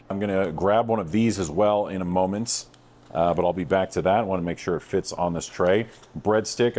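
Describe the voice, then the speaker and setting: A man in his thirties hosting a casual food review vlog, playful and self-mocking with deadpan jokes. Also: deep voice. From United States. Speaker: host.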